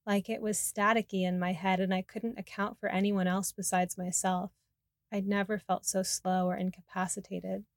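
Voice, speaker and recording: A woman's voice: medium pitch, little pitch movement, normal speed, dry recording, studio quality, lightly acted. A woman voicing a rueful, candid man. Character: remorseful man recovering from head injury.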